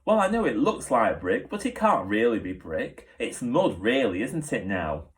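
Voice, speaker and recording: A man's voice: mid-range voice, very animated, moderate pace, natural voice. A man reading aloud and voicing a chatty, cheerfully boastful male wolf in a storybook. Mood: eager. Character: boastful hopeful black wolf, male adult.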